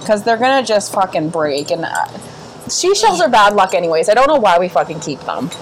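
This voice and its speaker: A woman's voice: medium pitch, sing-song, brisk, soft background music. A woman in her twenties co-hosting a podcast, swearing constantly and ranting heatedly in casual chat. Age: 20s. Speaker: podcast co-host.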